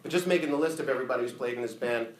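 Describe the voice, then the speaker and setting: A man giving a casual, profane, animated eulogy full of stories at a memorial. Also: medium pitch, rapid-fire. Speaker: eulogy speaker. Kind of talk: funeral eulogy storytelling. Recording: echoey room.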